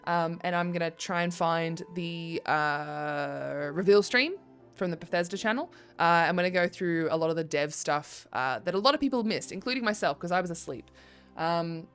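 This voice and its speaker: A woman's voice: on the low side, lively intonation, normal speed, clean tone. A young woman game streamer chatting casually and rambling to her viewers, with plenty of ums. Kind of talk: casual live-stream chat. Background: faint background music.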